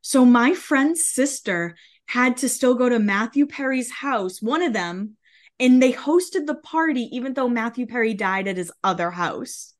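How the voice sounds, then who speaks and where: A woman co-hosting a casual pop culture chat, passing on gossip in an expressive, chatty way. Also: a little high. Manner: gossipy, expressive, quick asides. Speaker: podcast co-host.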